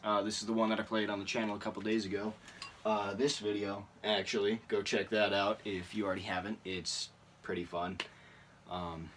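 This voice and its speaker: A teenage boy talks through a casual question-and-answer vlog in a slightly low voice. He rambles, fills gaps with lots of ums and uhs, and chuckles at his own stories. He sounds a little distant from the microphone. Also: a bit bright, slight background noise. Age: teens. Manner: rambling, many fillers, laughs at himself. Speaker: YouTuber.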